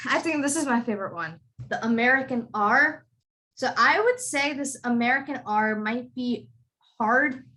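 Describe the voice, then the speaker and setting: Over a video call, a young accent tutor patiently walks kids through pronunciation, explaining and repeating model words. Her voice is a little high and a bit bright.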